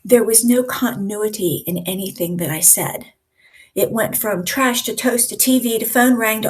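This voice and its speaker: A woman leading a live online communication coaching session in a lively, conversational way, often acting out examples for her listeners. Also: mid-range voice, moderate pace, husky. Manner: lively, conversational teacher who acts out examples.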